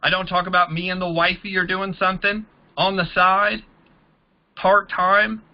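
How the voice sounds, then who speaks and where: High-voiced man coaching recruiters. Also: level tone, moderate pace, lo-fi sound. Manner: casual, acts out both sides of conversations. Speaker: network marketing trainer. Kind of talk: training talk to a group.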